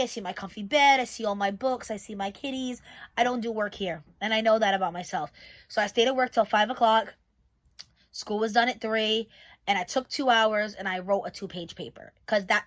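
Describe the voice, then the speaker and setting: Candid rambling woman vlogger. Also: mid-range voice. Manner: candid, rambling, talks to viewers directly. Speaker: vlogger and special education teacher. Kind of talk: casual channel update chat.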